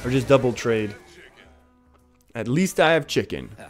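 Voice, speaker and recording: A man's voice: medium pitch, lively intonation, a little slow, faint music behind. Chatty Canadian man streaming a game. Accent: English Canadian. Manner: chatty, laughs often, reads viewer comments. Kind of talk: casual game commentary with chat.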